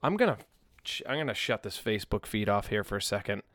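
A man's voice: fairly low pitch, expressive, fast talker, fairly bright tone, no echo, clean studio sound. A man in his mid-thirties hosting his own podcast, talking casually and rambling with lots of ums and restarts as he livestreams from a tablet. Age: 30s. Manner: rambling, chatty, many ums and self-corrections. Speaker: musician podcast host. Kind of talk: casual solo podcast chat. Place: home in Nashville. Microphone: tablet and phone livestream.

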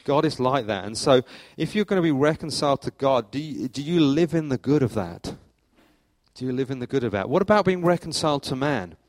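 A middle-aged man preaching a sermon as church leader, telling stories in a lively way with sudden rises in pitch and loudness. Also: fairly quick, dry recording. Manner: animated storytelling, acts out anecdotes with jumps in pitch and volume. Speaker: pastor.

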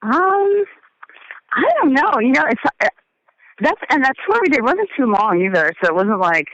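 A woman talks loosely about life on the road, her voice high and bright. She hesitates and trails off often. The recording is dry and a little muffled. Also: big pitch swings, moderate pace, no room sound. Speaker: touring musician guest. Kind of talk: casual interview chat.

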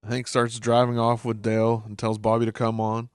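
A man's voice: mid-range voice, monotone, normal speed, smooth. A man with a mid-range voice who recaps a cartoon episode in a loose, casual way, chuckling often and reading out captions. The sound is close and dry, with no room echo. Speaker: show recap host.

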